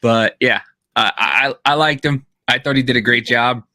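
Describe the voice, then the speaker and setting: A podcast co-host from Kansas tells rambling stories in casual chat, full of restarts and fillers. His mid-range voice is bright and forceful at a moderate pace, recorded with clean studio sound and no echo.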